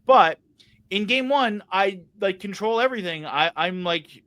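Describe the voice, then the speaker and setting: A young man on a casual podcast, ranting with a steady stream of profanity. His slightly high voice swings widely in pitch. The tone is bright and sharp. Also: unhurried. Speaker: podcast co-host.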